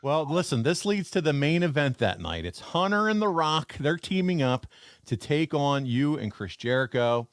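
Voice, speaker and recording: A man's voice: on the high side, sing-song, normal speed, no echo. A man hosting a podcast, asking questions in an enthusiastic, conversational way. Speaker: podcast host. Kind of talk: casual interview.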